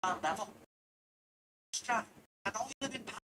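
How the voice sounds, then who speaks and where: A woman putting on the voice of a flattering, chatty male barber who heaps over-the-top praise. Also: on the high side, fast, slight background noise. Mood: gushing.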